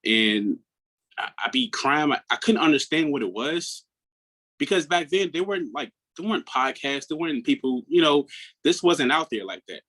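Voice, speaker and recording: A man's voice: a little high, expressive, normal speed, low-quality recording. Earnest man in his thirties from Maryland. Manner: earnest, reflective, often drops to a hushed tone. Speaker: guest, mental health coach. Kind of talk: personal storytelling in an interview.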